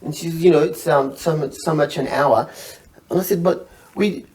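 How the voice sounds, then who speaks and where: Animated male comic storyteller, slightly off-mic. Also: a little high, normal speed, distant mic, low-quality recording. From Egypt. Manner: animated, acts out the people in his story, laughs through lines. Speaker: comedian guest.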